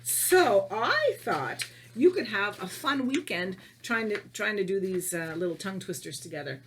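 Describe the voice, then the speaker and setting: A woman's voice: mid-range voice, big pitch swings, moderate pace, fairly bright tone, slight background noise. A middle-aged woman teacher giving a playful video lesson to young children, laughing often and reading tongue twisters in a sing-song way.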